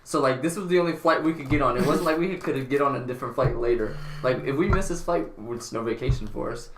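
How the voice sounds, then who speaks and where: A man co-hosting a casual podcast, telling stories in an animated, profane way. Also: mid-range voice, fast. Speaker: podcast co-host. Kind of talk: casual chat. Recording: echoey room, faint noise.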